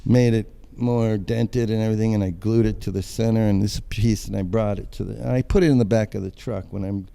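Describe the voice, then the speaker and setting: Older male artist, warm dark timbre, lively anecdotal storyteller. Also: lowish voice, a little fast, gravelly, few pauses. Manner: animated storyteller acting out quoted voices. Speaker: guest artist. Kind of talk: casual storytelling chat.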